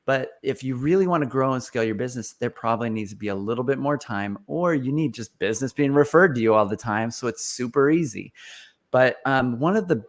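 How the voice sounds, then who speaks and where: A man hosting a podcast and coaching business owners in a casual, energetic manner, often repeating points for emphasis. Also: medium pitch. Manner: energetic, restarts and fillers, emphatic repetition. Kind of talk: casual conversational advice.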